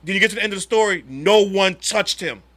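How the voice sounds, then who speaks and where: A man co-hosting a casual podcast chat, telling a story in an animated way with quick restarts. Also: high-pitched. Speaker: podcast co-host.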